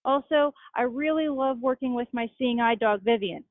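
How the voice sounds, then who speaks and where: A young woman speaks in a measured, matter-of-fact manner as an interview guest. Her voice sits fairly high. It comes through a narrow, phone-like line with no room sound at all. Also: dry recording. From Utah. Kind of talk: interview answers.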